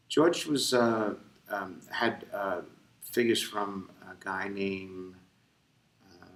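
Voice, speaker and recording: Tired middle-aged New man, low voice. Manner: rambling, animated, many fillers and restarts. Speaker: ventriloquist interviewee. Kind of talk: casual storytelling interview. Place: convention room. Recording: echoey room, voice from far off.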